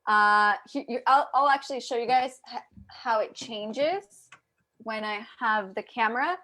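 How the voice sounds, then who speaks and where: A woman's voice: on the high side, unhurried, pushed and bright. A woman hosting a casual live video chat, talking straight to her viewers with lots of restarts, over a video call mic. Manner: chatty, addresses viewers directly, many restarts. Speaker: host.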